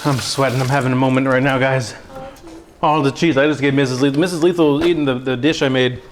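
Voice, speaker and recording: A man's voice: medium pitch, fairly even intonation, fast talker. A man hosting a cooking livestream from his kitchen, chatting casually and self-mockingly and cooing at his dog. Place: home kitchen.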